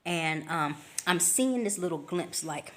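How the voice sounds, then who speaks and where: A woman with a somewhat low voice tells a story casually in her vlog. She talks in slangy, expressive bursts and acts out the scene with sound effects and quick little voices. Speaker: travel vlogger.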